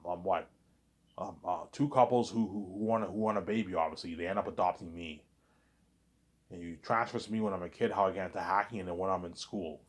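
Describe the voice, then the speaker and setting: A man retells a story in a loose, rambling way, stumbling over repeated words and tossing in fillers. His voice sits a little low.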